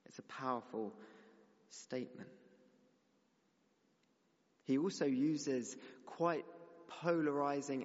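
A young man delivers a sermon in an earnest, steadily building voice. His words ring out with a long reverb through a church hall, and the recording itself is slightly dull and muffled. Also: mid-range voice. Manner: earnest, building to emphatic exhortation. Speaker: preacher.

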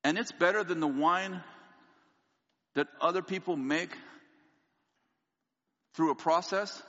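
A man preaching a sermon to a congregation, acting out his own funny story with energy. His voice sits a bit high and rings bright. The sound is dull and lo-fi, with a long reverb from a large hall. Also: takes it slowly. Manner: animated storyteller, acts out dialogue, laughs often. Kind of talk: sermon with a humorous personal story.

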